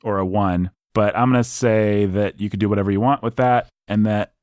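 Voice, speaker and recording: A man hosting a book podcast in casual chat, often laughing and breaking into animated asides. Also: fairly low pitch, a little fast, no room sound, clean studio sound. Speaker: podcast host.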